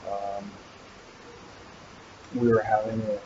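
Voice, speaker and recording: Male host, lowish dark voice, teasing rambling live chat, muffled webcam audio. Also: level tone, slow pace, background noise. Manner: teasing, rambling, joking about a helper. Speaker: channel host. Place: animal hospital waiting area.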